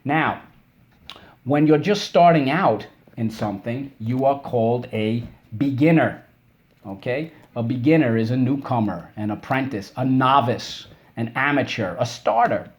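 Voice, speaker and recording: This teacher, mid-pitched, runs a recorded children's spelling lesson with an upbeat, encouraging manner, praising answers and drawing out each syllable slowly during drills. The highs in the recording are cut off.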